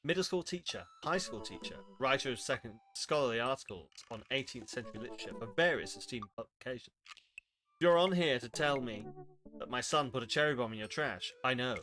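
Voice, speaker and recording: Bright-voiced, wry streamer. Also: male voice, medium pitch, animated, fairly quick. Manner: wry and sarcastic, reading lines aloud and reacting. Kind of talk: casual commentary while reading a game aloud.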